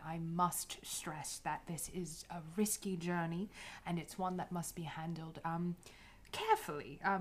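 A woman voicing a formal, courteous adventurer who bargains with ornate, hesitant politeness. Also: fairly low pitch. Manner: flowery, overly polite speech with many hesitations.

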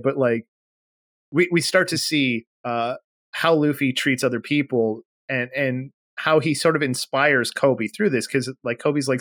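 A man's voice: mid-range voice, unhurried, no echo. Dry-sounding man retelling story scenes. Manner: animated retelling, acting out character lines. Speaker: podcast co-host. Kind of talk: casual chat.

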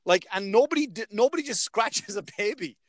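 A man's voice: high voice, animated, brisk, no echo. A man with an Irish accent in his thirties, telling stories in casual chat, swearing and laughing often. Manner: profane, laughing storyteller.

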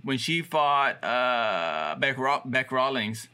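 Bright-voiced chatty man. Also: medium pitch, animated, slow, clear, resonant tone. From Los Angeles area. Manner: chatty storyteller with many fillers and restarts. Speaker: podcast co-host. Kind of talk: casual chat.

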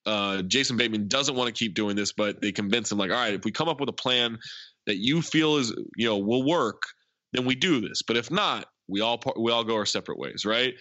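A man co-hosting a podcast, retelling film scenes in an animated way, full of "like" and laughter. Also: mid-range voice, brisk, no room sound, lo-fi sound. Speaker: podcast co-host. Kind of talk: casual movie recap chat.

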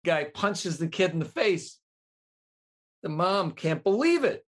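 A man guest telling a long joke in a casual, animated way, laughing often. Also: high voice, slow pace.

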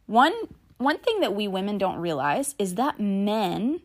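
A woman's voice: medium pitch, very animated, measured pace. A middle-aged woman hosting a solo podcast, talking in a chatty, earnest way and sharing stories about her family. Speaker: podcast host. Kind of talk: casual solo podcast talk.

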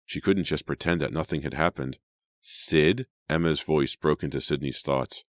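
A man narrating an audiobook in a measured, suspenseful way. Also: a bass voice, steady tone, no echo, clean studio sound. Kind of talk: scripted narration.

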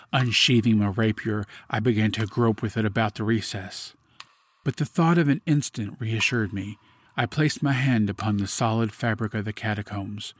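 Man reading a dark classic tale. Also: on the low side. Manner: measured, grave storytelling. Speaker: podcast host. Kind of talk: dramatic reading of a classic story.

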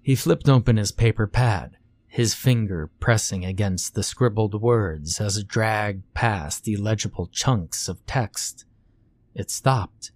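A man narrating a scripted horror story in a slow, hushed way. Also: fairly low pitch.

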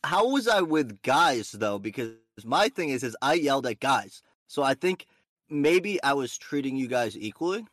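A man's voice: mid-range voice, very animated, moderate pace, fairly bright tone, dry recording, clean studio sound. A young man hosting a podcast, chatting in a brash, teasing way and swearing freely. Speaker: podcast host. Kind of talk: casual chat.

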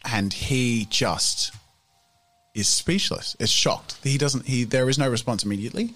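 A man narrating a tabletop game as game master, acting out characters with sudden shouts. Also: medium pitch, animated, measured pace.

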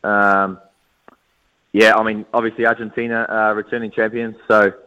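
A man with a New Zealand accent, a team captain, answering interview questions over the phone in a relaxed, modest way. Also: on the low side, moderate pace, clear, resonant tone. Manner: relaxed, modest, many fillers. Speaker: national softball team captain, phone guest. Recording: phone line.

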